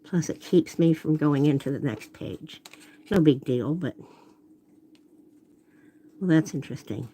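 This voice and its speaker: Recorded on a phone camera, a woman runs a live watercolor demonstration at home, her voice low, dark and a little breathy, with a somewhat slow delivery and long pauses. She talks casually while painting, chatty and apologetic, frequently breaking off to comment on her setup or say sorry.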